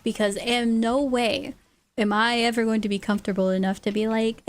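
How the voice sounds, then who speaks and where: Brief: woman from California as a laid-back streamer, giggly and talkative, higher-pitched voice. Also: little pitch movement. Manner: chatty, laughs often, quick asides. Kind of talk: casual livestream chat, reading chat aloud.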